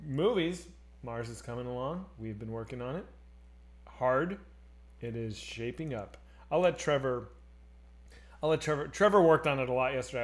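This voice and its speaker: Man, 30s, live-stream host, lively swooping pitch, slightly high voice, jokey, swears, loud then quiet. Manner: animated, swearing, jokey, swings loud and soft. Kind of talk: casual live-stream chat.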